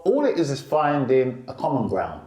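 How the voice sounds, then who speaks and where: A middle-aged male stand-up comedian, telling animated stories in a casual interview. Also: moderate pace, echoey room. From England. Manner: animated, lively storyteller who jumps up in pitch for quotes.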